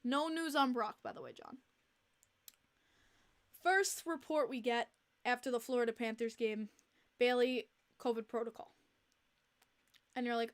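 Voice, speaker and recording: A young woman hosting a podcast livestream, chatting casually in an animated, exasperated way and repeating herself, with many fillers. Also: fairly high pitch, normal speed, long pauses. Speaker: podcast host.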